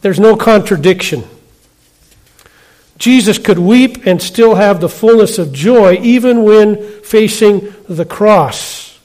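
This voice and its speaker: A middle-aged man preaching a sermon in a conversational way, often checking in with the congregation with quick questions. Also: high-pitched, darkish tone. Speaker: pastor.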